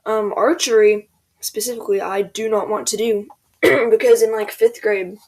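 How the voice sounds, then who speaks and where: Her voice is mid-range and steady, moving at a normal speed as this teen gaming creator tells a loose storytime over gameplay. She rambles, leans heavily on fillers like "like" and "um," and does voices when quoting others.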